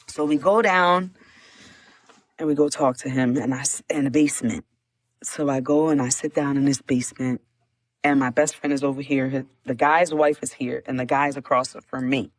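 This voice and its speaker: A middle-aged woman telling her testimony as a guest, animated, repeating words and laughing often. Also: deep voice, moderate pace, dry recording. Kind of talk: emotional storytelling.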